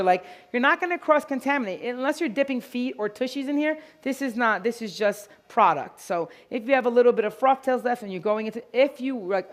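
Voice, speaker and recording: Lady doing a live grooming demo, high voice, super animated storytelling. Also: fairly quick. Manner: animated, storytelling, acts out quotes. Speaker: grooming educator. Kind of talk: live demo talk to an audience. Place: event hall with live audience.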